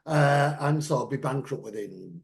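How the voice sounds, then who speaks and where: A man's voice: medium pitch, moderate pace. A man talking in rambling, opinionated casual chat, sometimes acting out other people's voices. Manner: rambling, animated, acts out voices.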